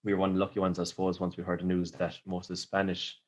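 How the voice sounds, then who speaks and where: Male podcast guest, very deep voice, rapid casual delivery, matter-of-fact. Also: completely flat delivery. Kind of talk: casual chat.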